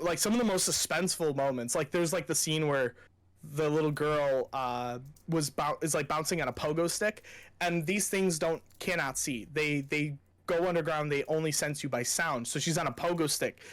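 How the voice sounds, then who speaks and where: A man's voice: on the high side, moderate pace, fairly bright tone. A young man co-hosting a podcast, chatting casually and gushing with enthusiasm, swearing freely. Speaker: podcast co-host. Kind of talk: casual chat.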